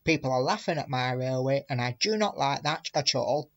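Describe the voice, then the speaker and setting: Man as a storybook railway boss, measured, fatherly, stern but kind. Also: medium pitch, animated, natural voice.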